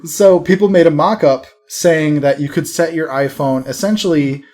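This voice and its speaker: A man's voice: fairly high pitch, moderate pace, a little mellow. A man co-hosting a casual podcast, explaining an internet prank in a wry, laughing way. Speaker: podcast co-host. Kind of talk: casual chat.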